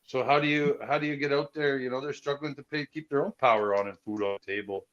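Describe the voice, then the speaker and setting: A man's voice: mid-range voice, fairly even intonation, fast talker, fairly bright tone. Folksy man on a lo-fi line. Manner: easygoing, folksy storyteller. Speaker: guest. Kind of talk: casual chat. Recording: dull lo-fi recording.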